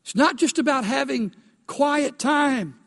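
A man preaching in a church with a very high voice. He asks the congregation questions and builds to emphatic peaks. His words ring out with a long hall reverb. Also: a little slow, vocal fry, a bit bright. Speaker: pastor. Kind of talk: sermon. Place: church sanctuary.

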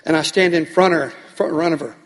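A man's voice: fairly high pitch, fast, a bit bright. A man preaching as pastor, telling a story animatedly and acting out the people in it. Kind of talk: sermon storytelling. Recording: long hall reverb.

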